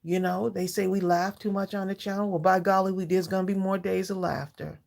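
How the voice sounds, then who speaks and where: A woman's voice: medium pitch, level tone, a little fast, vocal fry, a little mellow. A woman in her sixties hosting a live craft stream, chatting heartfelt with viewers, greeting them by name and laughing often. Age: 60s. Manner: laughs often between thoughts. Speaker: livestream craft channel host.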